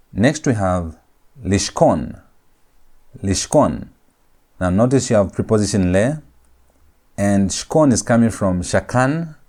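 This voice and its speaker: A man giving a Hebrew grammar lecture, speaking slowly and repeating each term and example for his students. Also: on the low side, mellow. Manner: slow, repetitive, spells out each word. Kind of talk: classroom lecture.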